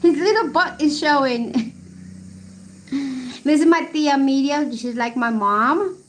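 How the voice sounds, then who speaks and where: High-pitched, unhurried woman streamer. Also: a little hiss or hum. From Colombia. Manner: chatty, laughs often, reminiscing over photos. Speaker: livestream host. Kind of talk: casual chat reading live chat.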